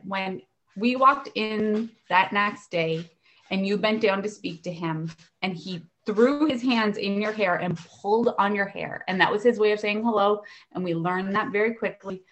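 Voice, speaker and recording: A woman in her thirties, an educational assistant, telling lively stories about her work and acting out the voices of the people in them. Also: mid-range voice, moderate pace. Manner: animated, acts out voices in anecdotes. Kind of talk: casual storytelling.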